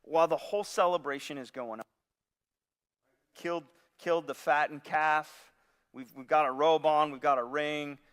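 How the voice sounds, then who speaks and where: Bright-voiced preacher in a reverberant hall. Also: male voice, a little high, moderate pace, clean tone. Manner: animated storytelling with repeated restarts. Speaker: pastor. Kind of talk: sermon.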